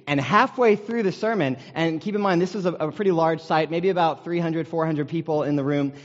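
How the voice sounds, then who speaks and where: A man's voice: fairly high pitch, a little fast. An American man preaching a sermon in a conversational, storytelling way with self-deprecating humor, recorded in a large meeting hall. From United States. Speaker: pastor. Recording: dull sound with long hall reverb.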